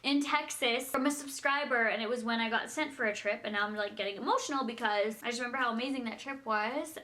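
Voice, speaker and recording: A woman's voice: on the high side, fast, few pauses, bright, forceful tone. A young woman chatting casually in a vlog as she packs, rambling and giggling as she talks. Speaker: vlogger.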